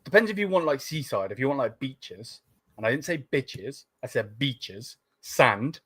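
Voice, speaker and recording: A young man in a loose podcast chat whose voice swings up and down with lively, animated intonation. He teases the others, swears casually and breaks into laughter easily. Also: mid-range voice, fairly quick. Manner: teasing, laughs a lot, sweary.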